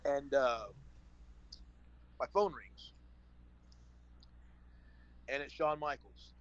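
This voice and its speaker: Animated man telling a story. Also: mid-range voice, extremely slow, clean tone, muffled recording. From San Antonio, Texas. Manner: animated storyteller, acts out phone calls. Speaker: podcast guest, former wrestler. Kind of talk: casual storytelling.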